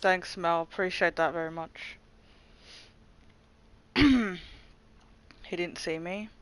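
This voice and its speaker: A young man chatting casually to his viewers during a game livestream, excitable and swearing often. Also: high-pitched, takes it slowly, clear, resonant tone, poor audio. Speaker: gaming livestreamer. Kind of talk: casual live commentary to chat.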